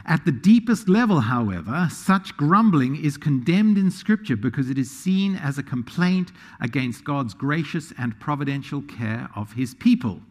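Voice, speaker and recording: Animated male preacher in a reverberant hall. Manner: animated, swings between low asides and loud emphasis. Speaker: pastor. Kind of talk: sermon.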